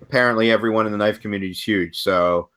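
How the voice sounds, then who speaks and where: A man's voice: fairly low pitch, steady tone, fast, fairly bright tone. A man hosting a podcast in an easygoing manner, thanking listeners and laughing along with his guests. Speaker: podcast host. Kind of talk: casual chat.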